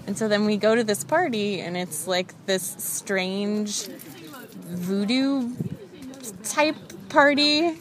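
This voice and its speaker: A woman's voice: mid-range voice, takes it slowly, noisy background. Chatty self-mocking young woman storyteller. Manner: chatty, self-deprecating, lots of "like" fillers. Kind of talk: casual comic storytelling.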